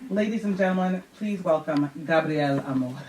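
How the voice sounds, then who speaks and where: A woman's voice: low voice, moderate pace. A woman hosting a live storytelling night, introducing the next guest in a chatty, slightly flustered way. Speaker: event host. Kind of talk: stage introduction. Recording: echoey room, distant mic, faint noise.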